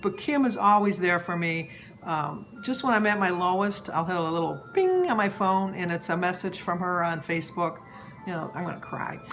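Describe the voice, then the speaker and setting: Older woman vlogger, sixties, casual and digressive, low voice, faint music under her. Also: sing-song, moderate pace, a bit bright. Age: 60s. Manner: rambling, chatty, easily distracted. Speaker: weight-loss vlogger. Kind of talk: casual chat to camera.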